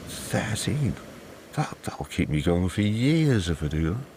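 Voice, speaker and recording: A man voicing Angus, an excitable hunter. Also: rumbling low, normal speed, noisy background. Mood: incredulous. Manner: excitable, exclaiming, raised voice. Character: Angus, a lone middle-aged male seal hunter, blunt.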